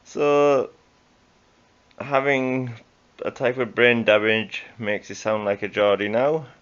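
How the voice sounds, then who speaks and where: A man's voice: lowish voice, steady tone, moderate pace, a bit bright. A man hosting a news roundup with casual, jokey commentary and mocking asides. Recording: dull lo-fi sound.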